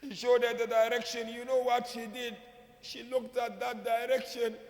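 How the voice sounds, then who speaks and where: A man's voice: extremely high pitch, little pitch movement, normal speed. A man, a sheikh, giving a mournful sermon whose narration rises into chanted, wailing lament. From Kenya. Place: mosque or prayer hall. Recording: echoey hall, long reverb.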